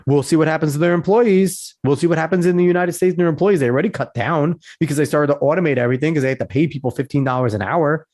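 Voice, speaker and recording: A man's voice: fairly high pitch, quick pace, hardly any pauses, a little mellow. A man hosting a podcast, reading a news article aloud and breaking off into blunt, profane, sarcastic commentary. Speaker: podcast host.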